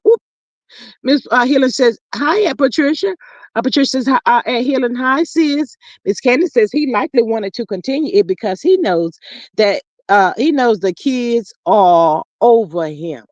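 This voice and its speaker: A chatty stream host with a bouncy, lively voice and humming, slangy asides, heard close and dry through a dull lo-fi mic. The delivery is playful and loose as they read viewer comments aloud. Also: mid-range voice, no room sound. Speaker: livestream host reading viewer chat. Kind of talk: casual commentary.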